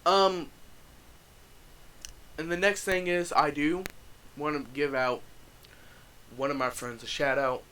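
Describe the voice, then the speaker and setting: A man's voice: a little high, fairly even intonation, slow pace, pauses often, bright, forceful tone, a little hiss or hum, rough recording. A young man telling a story and chatting about his channel in a loose, profane, rambling way with frequent restarts. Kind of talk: casual storytime vlog.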